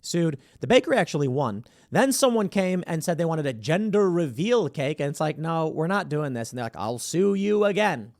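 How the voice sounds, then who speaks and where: A man's voice: on the high side, normal speed, gravelly, hardly any pauses, no room sound. Sarcastic guy ranting on his show, voice jumps all over, dead dry room. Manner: animated, sarcastic, acts out quoted voices. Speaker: podcast host. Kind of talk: opinionated commentary.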